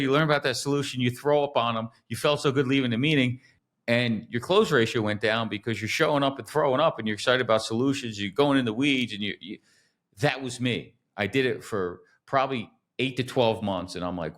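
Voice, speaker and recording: A man hosting a business podcast, telling stories in an animated way and acting out quotes. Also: medium pitch. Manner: animated storyteller, acts out quotes. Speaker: podcast host. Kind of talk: casual storytelling chat.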